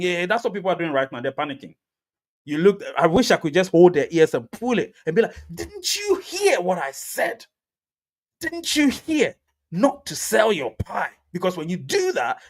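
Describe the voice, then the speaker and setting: A man hosting a live crypto reaction stream, talking emphatically to his chat, repeating himself and laughing often. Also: mid-range voice. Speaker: crypto livestream host.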